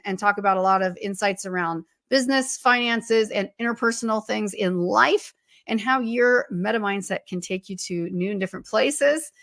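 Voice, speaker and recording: A woman co-hosting a podcast, her voice hoarse and froggy after losing it, upbeat and laughing often. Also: medium pitch, no echo, clean studio sound. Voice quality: husky, froggy. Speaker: co-host. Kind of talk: casual podcast chat.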